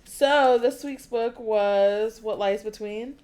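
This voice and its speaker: A woman's voice: on the high side, slow pace, darkish tone. A woman co-hosting a book club podcast in casual chat, teasing and giggly. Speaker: podcast co-host.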